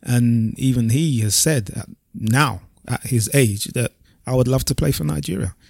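A man, co-hosting a podcast in relaxed, reflective casual chat and dropping slang like "bruv". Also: medium pitch, normal speed, vocal fry, dry recording, clean studio sound. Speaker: podcast co-host.

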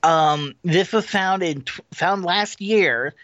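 A man co-hosting a podcast, answering briefly and then reading out a news item in a slow, hesitant way. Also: high-pitched, fairly bright tone, no room sound. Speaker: podcast co-host. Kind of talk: casual chat. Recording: dull lo-fi sound.

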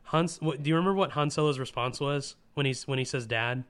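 A man in a casual podcast chat, his voice smooth and clear at a middling pitch. He talks with warm enthusiasm, stumbling through restarts and fillers as he gets caught up in feeling. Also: quick pace. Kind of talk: casual film discussion.

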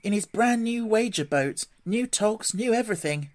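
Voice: medium pitch, expressive, normal speed, a little mellow, voice pushed up, lightly acted. A reader voicing a jovial, gossipy male otter in a storybook, bluff and chuckling. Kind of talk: storybook reading.

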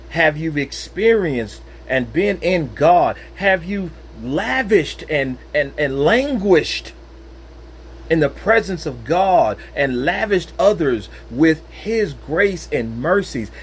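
A man's voice: medium pitch, a little hiss or hum, poor audio. A man giving an earnest, personal devotional talk into his own microphone, emphatic and repeating phrases for weight. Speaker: Christian speaker.

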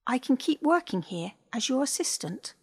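A shy, eager little spider monkey in a storybook, as a woman reads it, talking softly and modestly in a gravelly, slightly husky voice. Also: high voice, big pitch swings, moderate pace, voice pushed up, exaggerated voice. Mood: earnest.

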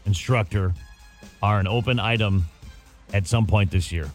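A man's voice: on the low side, moderate pace, faint music behind. A man hosting a morning radio show, running a quiz and teasing his co-host in studio banter. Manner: joking, teasing.

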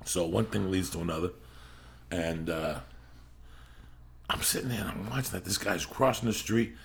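A man's voice: sits low, moderate pace, vocal fry, slight background noise. A middle-aged man hosting a podcast, telling a rambling, profane story in casual chat. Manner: profane, rambling, bursts into yelling when acting out quotes. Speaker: podcast host.

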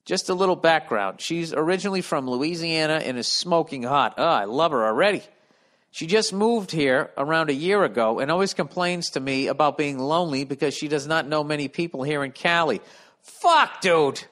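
A man's voice: fairly high pitch, moderate pace. Fifties boston guy ranting on his podcast, swears a ton, voice jumps all over. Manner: profane, animated, reads listener letters aloud and riffs. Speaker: podcast host. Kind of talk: solo comedic podcast rant.

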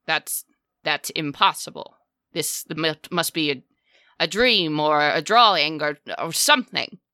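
Cast: woman doing a commanding drow matron, outraged and haughty, low and bright, dry close sound. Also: a little slow, no echo, heavily acted. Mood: imperious. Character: furious ancient drow matron mother, imperious.

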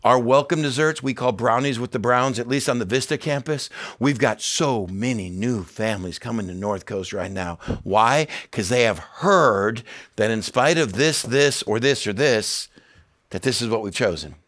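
A man's voice: medium pitch, moderate pace, a bit bright. A middle-aged man preaching a sermon as pastor, earnest and emphatic, repeating key phrases and dropping in casual asides.

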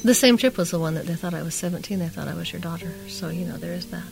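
A middle-aged woman with a lowish, gravelly voice spins a chatty, rambling story on a talk show. She slips into the voices of the people she quotes, and faint music plays behind her. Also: quick pace. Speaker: podcast co-host telling a story. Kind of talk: casual storytelling.

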